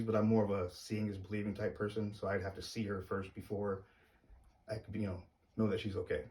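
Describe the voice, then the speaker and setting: Low-voiced hesitant man telling a story. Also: darkish tone, distant mic. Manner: hesitant, halting, uneasy on camera. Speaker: vlogger telling a personal story. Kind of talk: casual storytelling to camera.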